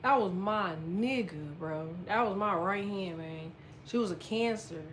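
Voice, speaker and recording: Her mid-range voice moves a little slowly over a faint hiss or hum as she tells a personal story casually. The woman, an astrology content creator, is blunt and swears nonstop, narrating with energy but dropping her volume for the sad moments.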